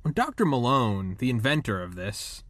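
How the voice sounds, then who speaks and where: A man in his thirties hosting a podcast, rambling and animated as he acts out quotes in casual chat. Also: medium pitch, normal speed, no echo, clean studio sound. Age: 30s. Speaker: podcast host.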